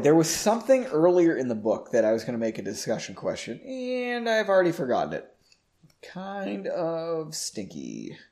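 A man's voice: mid-range voice, darkish tone. A young man reading his own story aloud, breaking off for joking, self-mocking asides. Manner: self-mocking, chatty, laughs at himself.

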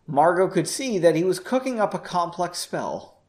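A man's voice: sits high, very animated, moderate pace, a little mellow. A man hosting a podcast, reading a novel aloud with chatty, self-deprecating asides. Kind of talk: casual story reading with asides.

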